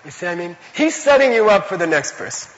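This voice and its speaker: High-voiced man teaching in a hall. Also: big pitch swings, fast, a bit bright, slight background noise. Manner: chatty, rambling, peppered with "you know"; laughs while telling stories. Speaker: Buddhist teacher. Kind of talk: informal spoken teaching with anecdotes. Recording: reverberant hall, dull lo-fi sound.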